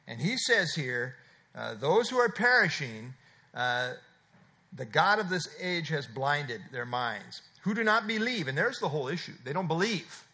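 Lively bright-voiced male preacher. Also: on the high side, a little slow. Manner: expository preaching with repeated emphatic phrases. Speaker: pastor. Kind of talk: sermon.

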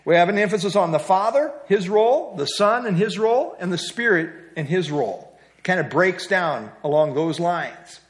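Middle-aged guy teaching bible study, chatty, tosses questions at the group, kinda high voice. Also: expressive, normal speed. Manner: conversational, asks the group questions.

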